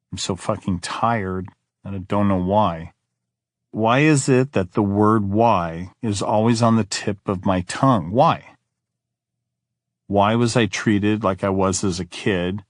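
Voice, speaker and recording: A man with a fairly low voice reads diary entries aloud for an audiobook. His delivery is weary and brooding, and the recording is dry and close. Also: no echo. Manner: weary, brooding first-person reading. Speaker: audiobook narrator.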